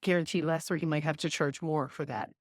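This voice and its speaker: A woman's voice: low voice, fairly even intonation, fairly quick, dry recording, clean studio sound. Frank woman speaking on a panel. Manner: frank, plain-spoken, with restarts. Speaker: festival director on a panel. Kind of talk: casual panel discussion. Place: live conference panel.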